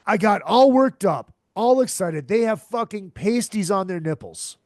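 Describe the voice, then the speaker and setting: Tired and hungover, a podcast host launches into a crude comedic rant, profane and exasperated, circling back to the same points again and again. His voice is high-pitched and animated, a little slow, captured in a dry, studio-quality recording.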